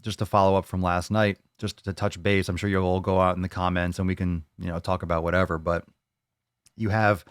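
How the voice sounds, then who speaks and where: A man hosting a casual livestream podcast, joking and swearing loudly with hype-style bravado. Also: low-pitched, level tone, brisk, clear, resonant tone, no echo, studio quality. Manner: brash, joking, profane hype talk. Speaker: podcast host.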